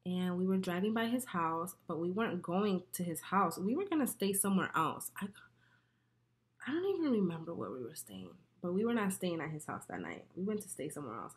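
A woman vlogger chatting casually while doing her makeup, telling a story in an animated, profane way with frequent laughter. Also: fairly low pitch. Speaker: beauty vlogger.

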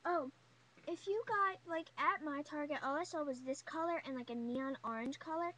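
A woman's voice: high voice, moderate pace, bright, forceful tone, poor audio. A young woman chatting casually in a beauty haul vlog, gushing and chatty, full of fillers. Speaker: beauty vlogger. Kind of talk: casual haul video chat.

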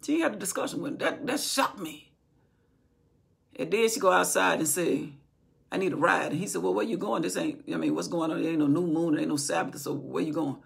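A woman's voice: lowish voice, a little fast, vocal fry, breathy edge. A woman telling a Bible story from memory in an informal teaching style, acting out what the people in it say. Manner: retells from memory, acting out quoted speech.

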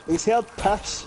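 A man's voice: high-pitched, background noise. A Scottish man chatting with friends during a game, teasing and joking with them. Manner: teasing, laughing banter. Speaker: gaming friend. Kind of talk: casual chat while gaming.

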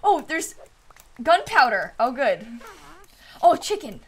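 A young woman streaming a game live, reading out donations and reacting excitably, swinging from shrieks to low mutters. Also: slow pace.

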